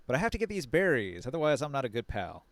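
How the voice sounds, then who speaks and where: A man's voice: medium pitch, big pitch swings, fast talker. A man voicing a small loyal male snake companion who is battered and apologetic, speaking earnestly in a plain voice close to his own. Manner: hissing, earnest, plain-spoken.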